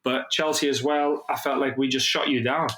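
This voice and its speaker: A man co-hosting a casual football podcast, talking in an animated way and swearing freely. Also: medium pitch, moderate pace. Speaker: podcast co-host. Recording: roomy echo.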